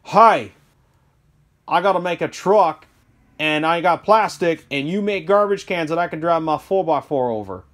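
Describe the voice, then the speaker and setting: A man's voice: a little high, expressive, normal speed, a bit bright. A man voicing a friendly, eager company rep in a put-on Southern American accent.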